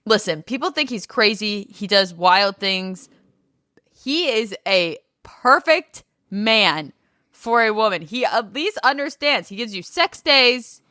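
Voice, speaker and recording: A woman co-hosting a casual podcast, talking in a playful, blunt way and laughing easily. Her voice is bright and forward, and the close mic sounds dry, with no room around it. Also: mid-range voice, animated, slow, no room sound. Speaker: podcast co-host. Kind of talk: casual chat recapping a reality show.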